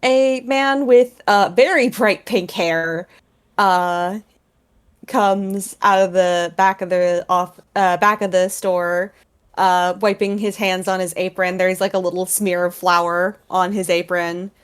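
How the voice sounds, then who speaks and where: A woman's voice: on the low side, takes it slowly, smooth. Woman gm narrating a tabletop game, laid back, lots of uhs and likes. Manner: relaxed, many fillers. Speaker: game master.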